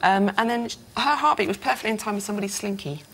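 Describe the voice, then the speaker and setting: A woman's voice: mid-range voice, racing, noisy background. A woman musician chatting enthusiastically as a radio interview guest, rambling a little with fillers. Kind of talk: casual radio interview chat.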